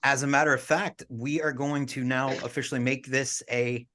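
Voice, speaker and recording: A man's voice: mid-range voice, steady tone, moderate pace, bright, forceful tone. A man co-hosting a casual podcast, upbeat and talking with easy fillers and restarts. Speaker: podcast co-host.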